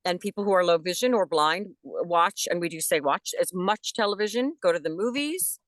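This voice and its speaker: A middle-aged actress, a guest on a video call interview, explaining her work in a casual, lively storytelling way. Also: lowish voice, fairly quick, dry recording.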